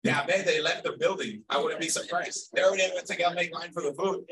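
A man leading a group activity at an event, energetic and playful as he calls out to the crowd. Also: a little high, fast talker, few pauses, distant mic, poor audio. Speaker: workshop facilitator. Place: large event hall.

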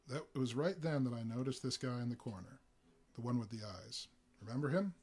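A man's voice: medium pitch, fairly quick, husky, faint music behind. Man reading a story aloud. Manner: relaxed reading with small slips. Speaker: reader.

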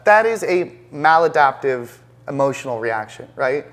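A man's voice: mid-range voice, expressive, moderate pace, a bit bright. A man, a professional trader, talking as the guest in an indoor interview, intense and emphatic, often repeating words as he builds a point. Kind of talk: conversational interview. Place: penthouse apartment, indoors.

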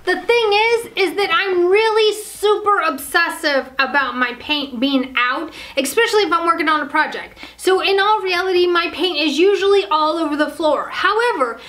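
Lady vlogger chatting, bright sharp tone, teasing bossy banter. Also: very high voice, lively intonation, moderate pace, few pauses. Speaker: vlog host. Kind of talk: casual chat.

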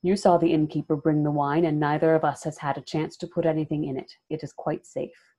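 A woman reading aloud voices a stern, watchful warrior man who stays grave and reserved. The delivery is calm and measured, low and dark in tone, and a bit quieter than the narration.

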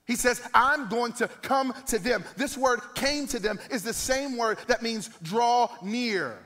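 A man's voice: very high voice, measured pace, big-room sound. A man in his thirties, a pastor, preaching a sermon with emphatic, rising peaks. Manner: emphatic, builds to loud peaks.

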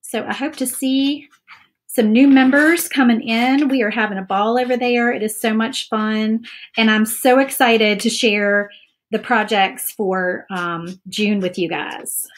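A woman's voice: fairly high pitch, steady tone, a little slow. A woman hosting a live crafting stream from her table, chatty and rambling with many fillers. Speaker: crafting channel host. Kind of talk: casual live crafting chat. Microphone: overhead camera setup.

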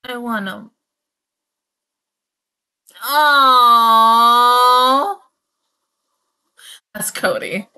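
High, lively gushing woman reactor. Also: takes it slowly. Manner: gushing, squealing over cute animals. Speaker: anime reaction host. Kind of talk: reacting to an anime episode.

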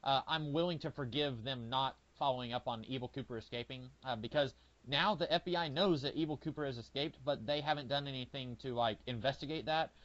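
A man's voice: medium pitch, fairly quick, a bit bright. A man co-hosting a podcast, chatting in an easygoing, hesitant way with many fillers. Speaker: podcast co-host. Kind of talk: casual TV discussion chat. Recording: muffled lo-fi podcast audio.

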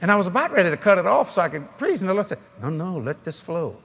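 A man's voice: high-pitched, quick pace, vocal fry, slight background noise. A middle-aged man, preaching a sermon in a folksy storytelling way at a large convention. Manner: folksy, animated storytelling with laughter.

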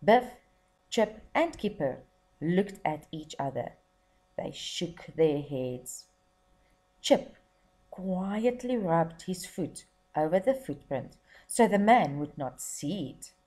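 A woman from South Africa, a teacher, reading a children's story aloud and then setting tasks in a slow, encouraging way. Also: lowish voice, lively intonation, mellow.

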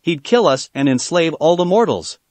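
A man's voice: a little high, animated, normal speed, a little mellow, no echo, natural voice. A man voicing an angry young male demigod swordsman who argues urgently, read aloud from a fan story. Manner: urgent, reproachful.

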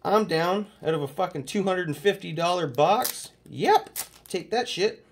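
A card-collecting host from Canada chats through his mail day, full of profanity and excited hype. His voice sits a little higher than most men's. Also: measured pace, a little hiss or hum. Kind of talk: casual mail-day chat.

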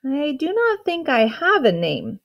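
A tearful young male dragon from a storybook, naive and gentle, pleading in a raised, wavering voice, put on by a woman reading aloud. He sniffles through his words, lifted a touch above ordinary talk. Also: high voice, huge pitch swings, measured pace, highs cut off, voice pushed up, full character voice. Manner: sniffling, plaintive.

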